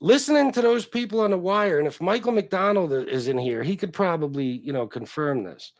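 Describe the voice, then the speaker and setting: Animated, profane livestream host, a man. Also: high-pitched, brisk, no echo. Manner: rambling, profane, chatting with viewers. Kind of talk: casual chat.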